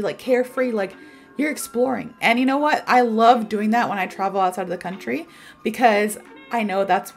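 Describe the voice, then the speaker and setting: A woman, teaching an English word in a chatty, animated way full of stories and fillers. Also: mid-range voice. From American South. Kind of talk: casual video lesson.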